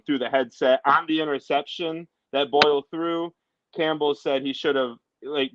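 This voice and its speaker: Animated man ranting about football. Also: mid-range voice, no echo. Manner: animated, ranting, quick asides. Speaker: podcast host. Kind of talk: casual sports talk. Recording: dull lo-fi audio.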